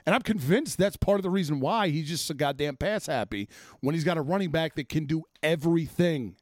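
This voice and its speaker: A man's voice: a little high, animated, fairly quick, no echo. Man, sports talk host, blunt profane rant, exasperated, dry close sound. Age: adult, former offensive lineman.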